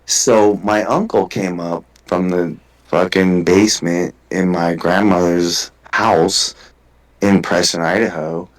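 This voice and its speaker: A man's voice: low-pitched, steady tone, slow, poor audio. A man in a casual podcast conversation, telling a long personal story with lots of swearing and restarts. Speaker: guest.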